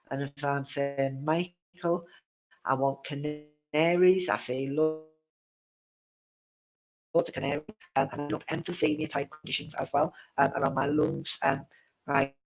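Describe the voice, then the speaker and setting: A woman's voice: low-pitched, darkish tone, poor audio. A woman, a psychic medium giving a live-streamed reading in a chatty, repetitive way. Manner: chatty, repetitive, laughs at tech trouble. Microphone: live-stream setup with a glitchy connection.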